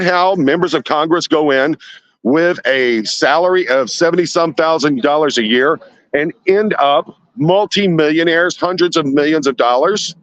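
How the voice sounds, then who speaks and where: A man's voice: a little high, normal speed, fairly bright tone, dry recording, poor audio. A man live-streaming outdoors at night from a handheld phone, sweating as he reads chat and fires off indignant rhetorical questions.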